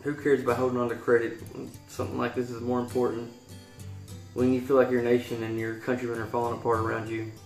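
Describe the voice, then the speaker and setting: Earnest Kentucky man with gravelly voice. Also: mid-range voice, completely flat delivery, fast talker, darkish tone. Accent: Kentucky Southern American. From Kentucky, USA. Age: 30s. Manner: earnest, rambling with restarts. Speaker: YouTuber. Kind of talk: poetry reading and heartfelt vlog talk. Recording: roomy echo with faint guitar music.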